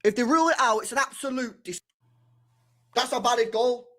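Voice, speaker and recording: A young man live-streaming his reaction to a football match, excitable and slangy, shouting at the screen and swearing. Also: extremely high pitch, brisk.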